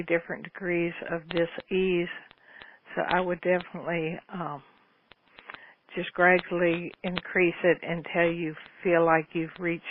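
Homey woman on lo-fi radio. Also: fairly low pitch. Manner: homey, folksy, meandering with many ums. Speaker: radio show host answering listener questions. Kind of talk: casual call-in advice talk. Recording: phone-like lo-fi radio with faint noise.

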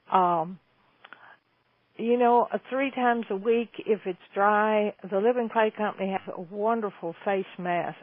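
A woman's voice: mid-range voice, dry recording. A woman in her seventies hosting a call-in question and answer show, chatting in a folksy, enthusiastic way. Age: 70s. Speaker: host answering listener questions. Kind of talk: call-in Q&A chat. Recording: dry, tinny phone-line sound.

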